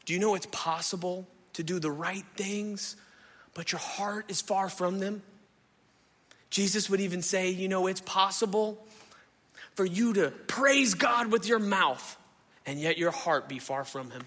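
A pastor preaching a sermon into a stage microphone in a church hall, impassioned and conversational, often asking the crowd questions. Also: male voice, high voice, moderate pace, a bit bright.

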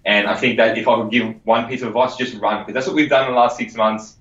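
A man's voice: medium pitch, fairly even intonation, quick pace, fairly bright tone. A man, a podcast guest chatting casually with lots of energy, swearing freely and repeating words. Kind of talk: casual interview chat. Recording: echoey, muffled sound.

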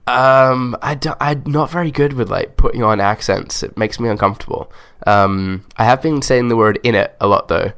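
A man's voice: medium pitch, normal speed, vocal fry, hardly any pauses, fairly bright tone, clear, resonant tone. A man with a slight English accent, chatting easily on a podcast in a rambling way. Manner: easygoing, rambling. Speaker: podcast co-host. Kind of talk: casual podcast chat.

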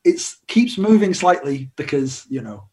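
A chatty young man with an English accent talks about his music over a video call. His voice sits a little high, and he often laughs at himself. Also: big pitch swings, a little slow, dark tone. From England. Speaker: musician guest. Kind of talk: casual interview chat over video call.

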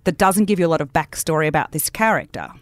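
A woman co-hosting a casual book club podcast, chatty, with quick bursts and restarts. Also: sits low, lively intonation, a crowd in the background. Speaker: podcast co-host.

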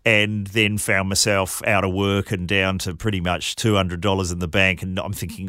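A man's voice: sits low, level tone, normal speed, few pauses, pushed and bright, no room sound, clean studio sound. A man from New Zealand whose accent wavers between Kiwi, Australian and English, telling anecdotes with frequent laughs. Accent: mixed New Zealand and Australian, drifting English. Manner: laughs often, self-deprecating anecdotes. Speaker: guest, comedian. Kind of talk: casual interview storytelling.

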